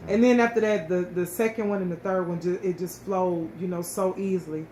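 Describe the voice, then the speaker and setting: A woman's voice: on the low side, steady tone, a little fast, warm tone. A woman telling a personal story in a casual, emotional way, often restarting and repeating words. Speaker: co-host sharing her story. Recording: echoey room with faint ambient noise.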